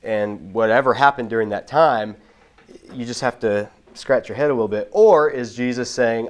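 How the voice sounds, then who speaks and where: A man teaching about the Bible in a relaxed, explanatory way, often restarting his sentences. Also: medium pitch, normal speed. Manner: explanatory, with frequent restarts and repeated words. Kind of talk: casual teaching talk.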